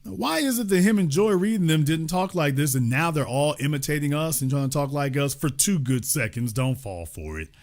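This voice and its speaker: A middle-aged man hosting a heated political monologue, emphatic and sarcastic, taunting with loud outbursts and low asides. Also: a little fast, hardly any pauses. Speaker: political commentary host.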